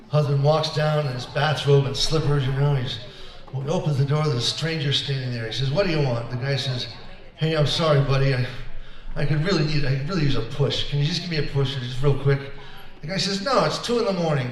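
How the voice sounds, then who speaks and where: A man telling a string of jokes to a senior center audience in an easygoing way, playing the voices of his characters. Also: fairly high pitch. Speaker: performer at a senior center concert. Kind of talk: telling jokes between songs. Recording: echoey room, voice from far off.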